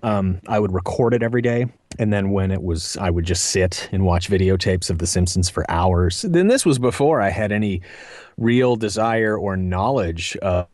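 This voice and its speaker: A rather low-pitched man in his thirties talks casually as an interview guest, wandering through his answers with fillers, restarts and self-deprecating asides. The sound is dry and close, with no room around it. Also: normal speed, a little mellow, dry recording. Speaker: voice actor guest.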